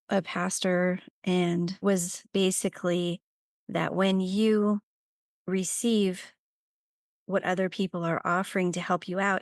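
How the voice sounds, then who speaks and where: Reflective woman, a bit low. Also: no room sound, clean studio sound. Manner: reflective, affirming. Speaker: podcast co-host. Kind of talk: casual conversation.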